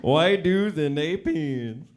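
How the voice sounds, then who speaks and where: A man's voice: lively intonation, takes it slowly, a crowd in the background. A man doing an exaggerated impression of a nervous first-time comic who drawls and keeps tacking on "man". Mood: mock swagger. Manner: repetitive, drawling, ends lines with a low "man". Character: clumsy male comic's overdone impression, first-time open mic. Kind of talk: stand-up bit.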